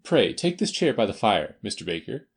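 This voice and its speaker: A man voicing a self-assured male detective, crisp and precise, in an audiobook reading. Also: on the low side, big pitch swings, normal speed. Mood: brisk.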